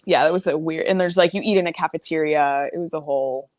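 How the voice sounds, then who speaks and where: A woman's voice: low voice, fast talker, darkish tone, no room sound. A woman chatting as a guest, rambling with lots of fillers and restarts. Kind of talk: casual chat.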